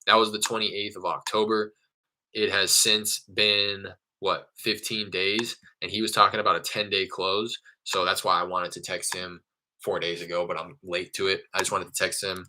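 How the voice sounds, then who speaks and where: A young man with a low-pitched voice and a strikingly bright, forceful tone. He talks casually and candidly in a vlog style, walking through his work. Now and then he acts out lines from his phone calls. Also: little pitch movement, moderate pace, slight background noise, poor audio. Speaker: real estate wholesaler vlogger.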